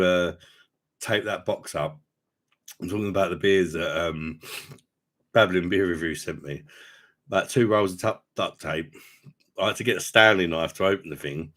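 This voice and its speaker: A chatty man in his forties hosts a relaxed livestream. His voice is low. He greets viewers, swears freely and laughs often. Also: normal speed, pauses often. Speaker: host. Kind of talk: casual livestream chat.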